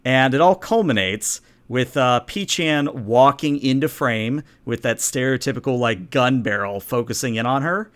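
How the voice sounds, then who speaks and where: A man's voice: mid-range voice, unhurried, hardly any pauses, fairly bright tone, smooth. A man running a tabletop game as game master, narrating in a casual, rambling way. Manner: casual, rambling, many fillers.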